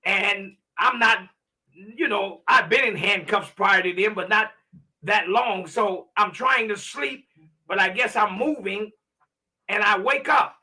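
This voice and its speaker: A man's voice: sits high, takes it slowly, sharp tone, recorded from a distance. A man from New York, a guest telling a personal story earnestly, often repeating and restarting his words. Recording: voice set back from the mic.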